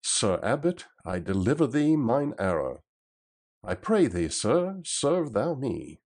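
A man's voice: mid-range voice, sing-song, slow pace, a little mellow, pitched above the performer's own voice, heavily acted. A man reading the part of a bold outlaw leader, speaking in raised, emphatic old-fashioned phrasing.

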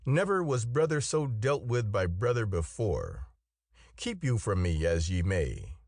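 A man's voice: fairly low pitch, sing-song, a little slow, a little mellow, dry recording, studio quality, exaggerated voice. A man voicing a furious, vengeful knight in a storybook reading, speaking in an angry, threatening way.

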